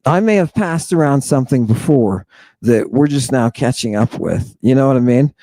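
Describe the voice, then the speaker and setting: A man's voice: medium pitch, expressive, normal speed, dark tone, no room sound. A man hosting an irreverent, theatrical lecture, mocking and talking straight to his audience. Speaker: host. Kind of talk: irreverent lecture on ancient texts.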